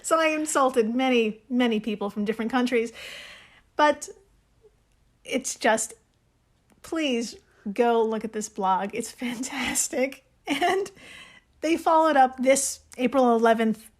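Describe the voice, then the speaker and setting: A woman co-hosting a podcast in casual chat. She is excitable, swears freely and laughs often. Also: a little high, slow pace, pauses often. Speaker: podcast co-host.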